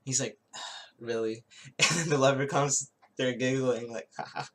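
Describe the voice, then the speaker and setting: A man giving a casual spoken tarot reading, rambling and halting, with many restarts and little chuckles as he recounts a show. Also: mid-range voice, fairly even intonation, a bit bright. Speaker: tarot reader.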